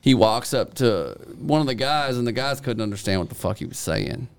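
A man's voice: mid-range voice, animated, moderate pace, vocal fry, smooth. A man co-hosting a podcast in laid-back, profane banter, laughing often and telling work stories. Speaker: podcast co-host. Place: indoor podcast studio.

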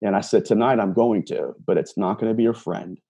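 A self-proclaimed empath recounts a personal conversation line by line, earnest and casual, with many repeats and restarts. His lowish voice is mellow and slightly rough, and he talks a little fast.

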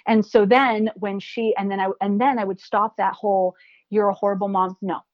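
Forties woman, earnest podcast guest, medium pitch, slightly dull dry recording. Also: steady tone, moderate pace, no room sound. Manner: earnest, reflective, acts out quotes vividly. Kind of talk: casual podcast conversation.

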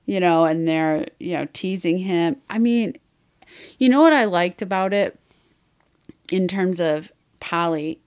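A woman's voice: on the low side, expressive, unhurried, a little mellow, clean tone. A woman podcast host in casual chat, retelling a story in a frank, rambling way with many fillers.

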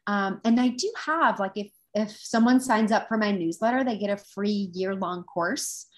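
A woman's voice: medium pitch, normal speed. A woman guest who teaches intuitive development, telling a story in an earnest, reflective casual chat.

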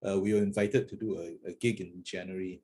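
A Singaporean man hosting a podcast, chatting casually with a halting, restarting delivery. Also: low voice, fairly even intonation, warm tone, husky. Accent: Singaporean English. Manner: halting, many restarts and laughs. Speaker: podcast host. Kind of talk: casual chat.

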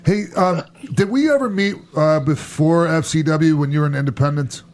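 A man's voice: on the high side, normal speed, a little mellow. A man hosting a podcast in an easygoing, chatty way. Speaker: host. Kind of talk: casual podcast chat.

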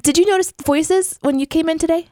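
A woman's voice: very high-pitched, fairly quick, dark tone, no room sound. A woman co-hosting a podcast in a home studio, chatty and upbeat, telling stories and laughing easily. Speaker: podcast co-host, radio professional. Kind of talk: casual podcast chat.

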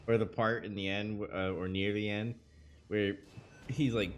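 A man's voice: fairly low pitch, moderate pace. A man co-hosting a casual podcast chat, rambling with many ums and uhs. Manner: rambling, hesitant, many fillers. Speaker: podcast co-host.

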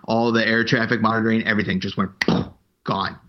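A man's voice: lowish voice, flat delivery, fast talker, lo-fi sound. A man casually telling a rambling, profane story, raising his voice to act out what others said. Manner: rambling, profane, acts out quotes in a raised voice.

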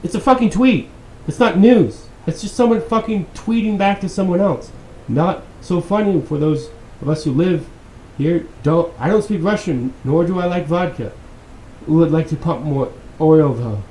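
A man's voice: on the high side, normal speed, dark tone. Guy ranting about the news, swears a lot, sarcastic, roomy echo and a bit of hiss behind him. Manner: profane, exasperated and sarcastic. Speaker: podcast host. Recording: echoey room with faint background noise.

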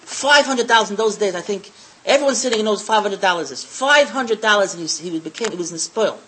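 A woman's voice: medium pitch, lively intonation, a little fast, fairly bright tone, slight background noise, rough recording. A woman giving a religious lecture, telling stories with emphasis and repeating key phrases. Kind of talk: Torah lecture with storytelling.

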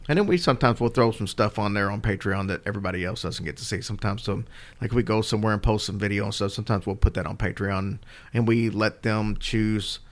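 A relaxed man co-hosting a podcast, his voice sitting a little low. He talks in a loose, meandering way, full of little fillers and restarts. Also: fast talker. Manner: rambling and easygoing, with fillers. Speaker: podcast co-host. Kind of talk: casual chat.

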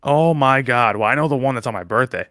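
A man's voice: mid-range voice, a little fast, sharp tone, no echo, clean studio sound. A young man co-hosting a casual podcast chat, rambling and restarting his sentences often. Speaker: podcast co-host.

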